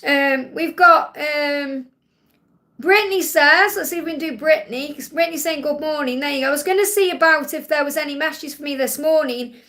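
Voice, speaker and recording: A woman's voice: high voice, brisk, bright, forceful tone. A woman hosting a live spiritual reading stream on a tablet, relaying messages in a soothing, reassuring way. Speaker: psychic reader hosting a live Q&A.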